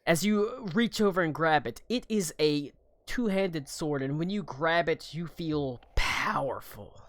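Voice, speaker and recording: A man narrating as game master of a tabletop game, slow and halting with fillers. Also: a little high, animated, fairly bright tone, dry recording.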